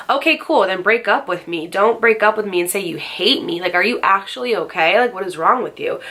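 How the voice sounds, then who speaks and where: A woman's voice: medium pitch, quick pace, few pauses. Chatty young woman telling a story. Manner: chatty, heavy use of "like", animated asides to viewers. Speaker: YouTube storyteller. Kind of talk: casual storytime vlog.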